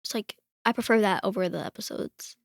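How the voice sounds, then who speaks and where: A woman's voice: medium pitch, fairly quick, creaky, dry recording, studio quality. A woman chatting casually on a podcast, retelling a story in a rambling way with lots of fillers. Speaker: podcast guest. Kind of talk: casual chat.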